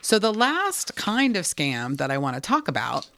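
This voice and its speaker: Animated woman telling a story. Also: fairly low pitch, normal speed. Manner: animated storyteller, acts out dialogue. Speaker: co-host. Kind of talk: casual conversational chat.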